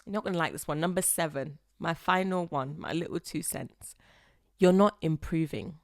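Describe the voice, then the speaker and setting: A young woman, hosting a podcast and giving blunt, animated relationship advice. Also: low voice, normal speed, gravelly, no echo, studio quality. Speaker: podcast host. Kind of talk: advice monologue.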